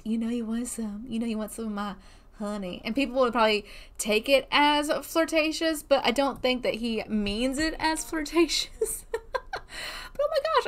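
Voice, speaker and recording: A woman chats through her game in a bright, high register that leaps all over the place. She gushes and exclaims constantly in easy, casual commentary. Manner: bubbly, gushing exclamations. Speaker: let's play host.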